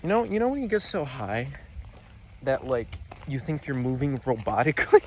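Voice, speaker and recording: A young man vlogs while walking outdoors, rambling casually and meandering, giggling and often stifling his laughter. His medium-pitched voice is darkish, expressive and fairly quick, and the lo-fi recording sounds dull, with outdoor noise.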